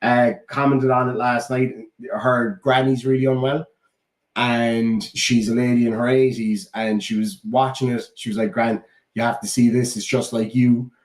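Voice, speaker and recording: A man's voice: medium pitch, little pitch movement, moderate pace. A man with an Irish accent telling heartfelt stories in casual chat, swearing freely. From Ireland. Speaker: podcast co-host. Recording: roomy echo.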